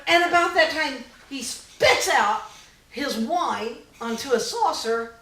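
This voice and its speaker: A middle-aged woman performing a storytelling comedy set, often laughing at her own story and shouting out other people's lines. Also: high voice, lively intonation, slow pace. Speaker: stand-up comedian. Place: small live music venue. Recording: echoey room, distant mic, faint noise.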